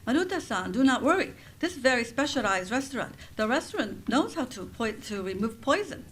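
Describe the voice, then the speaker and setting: A woman reading the lines of a polite, formal older man who speaks slowly and waits expectantly. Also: fairly high pitch, very animated, voice pushed up. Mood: reassuring.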